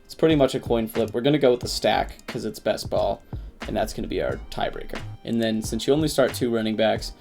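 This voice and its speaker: A man giving casual, excitable commentary on his fantasy football draft, who swears at picks. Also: fairly low pitch, brisk, vocal fry, soft background music. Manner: says he slipped into a put-on accent.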